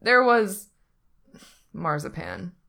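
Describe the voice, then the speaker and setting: A woman's voice: on the low side, animated, brisk, fairly bright tone. A woman voicing an anxious young man who protests and blames himself. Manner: protesting, miserable.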